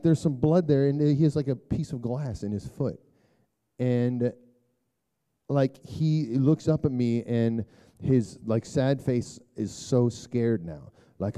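A middle-aged man giving a rambling, conversational sermon talk to a church group, full of filler words and throat clearing. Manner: turns hushed and low for prayer. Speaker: speaker addressing a church group.

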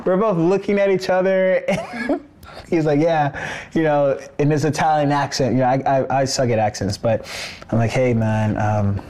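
A young man telling a personal story on a podcast in a casual, animated way, dropping "bro" and "like" all through. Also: fairly high pitch, normal speed, slight background noise. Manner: animated, says "bro" and "like" often.

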